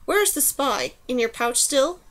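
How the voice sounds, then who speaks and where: A woman's voice: high voice, expressive, normal speed, fairly bright tone. A woman voicing a male beaked water-loving animal, curious and direct.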